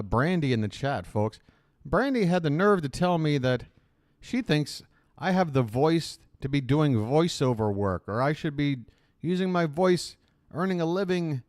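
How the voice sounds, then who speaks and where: Casting: male live-stream host, lively jokey banter, slight lisp, dry close sound. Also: mid-range voice, no echo. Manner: joking, chatty, self-conscious asides. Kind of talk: casual live commentary.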